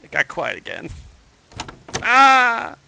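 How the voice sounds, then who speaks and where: A man's voice: mid-range voice, lively intonation, a little slow, bright, forceful tone, slight background noise, poor audio. A man giving horror game commentary, narrating his own moves with joking asides to himself. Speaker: let's play host.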